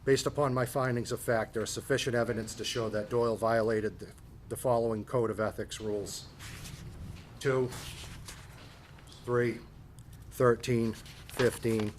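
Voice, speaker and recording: A man chairing a town board meeting, reading findings of fact in a measured, formal and procedural way. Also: mid-range voice, steady tone, a little hiss or hum.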